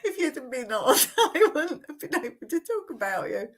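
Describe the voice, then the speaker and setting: A woman's voice: high voice, very animated, normal speed. A woman from England hosting a live stream, chatting casually and giggling as she tells stories and reads out viewer comments.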